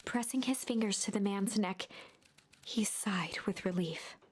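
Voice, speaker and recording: A woman narrating a storybook game in a hushed, suspenseful voice that often drops near a whisper. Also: medium pitch, unhurried, slight background noise, natural voice. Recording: game audio with clear music bed. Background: game music.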